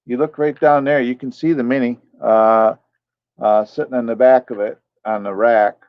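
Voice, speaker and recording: A man live streaming rambles casually, answering chat viewers by name. His medium-pitched voice is steady and at a normal speed, with no echo, though the stream audio is dull and lo-fi.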